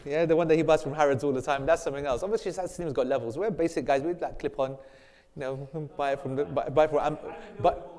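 A man's voice: fairly high pitch, fairly even intonation, fast talker, darkish tone. A man teaching an informal Islamic class, joking and teasing his students as he rambles. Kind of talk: casual informal religious class. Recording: long reverb in a hall.

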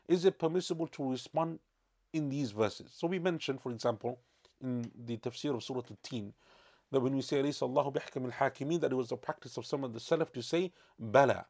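A man teaching a lesson on Islamic practice, explaining in a measured way and often correcting himself mid-sentence. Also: mid-range voice, gravelly, a little mellow. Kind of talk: religious lecture.

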